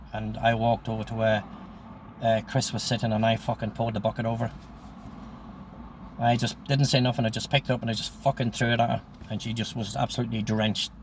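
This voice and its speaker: A man's voice: medium pitch, a little hiss or hum. A man in his sixties telling a story from his own life in a casual, blunt way, swearing often and repeating "I says" as he quotes people. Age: 60s.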